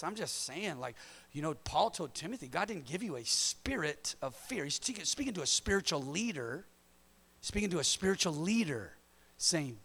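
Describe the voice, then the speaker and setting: A man's voice: on the high side, vocal fry, fairly bright tone. A man, a pastor, preaching a sermon to his congregation, building emphasis and calling out to the room. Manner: preaching with rising emphasis and call-outs to the congregation. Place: church service.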